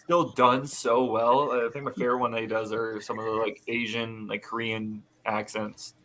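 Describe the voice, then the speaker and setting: A man's voice: medium pitch, level tone, moderate pace, a bit bright, slight background noise. Joking man in a casual chat. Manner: loose, profane, jokey.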